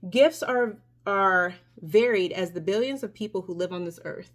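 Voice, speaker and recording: A woman from Mexico gives her viewers a casual tarot reading in a mid-range voice at normal speed. She's chatty and emphatic, with lots of fillers and restarts.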